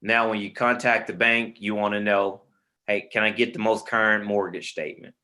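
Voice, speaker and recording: A man's voice: on the low side, little pitch movement, normal speed, pushed and bright. A man teaching a real estate webinar on a video call, informal and friendly, calling listeners man and brother. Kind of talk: online webinar instruction.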